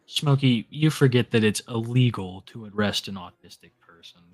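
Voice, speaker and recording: A man's voice: mid-range voice, moderate pace, no echo. A man co-hosting a livestream show, joking crudely and reading out thanks to members. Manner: crude, joking, reads out member shout-outs. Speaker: podcast co-host. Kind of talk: casual livestream banter.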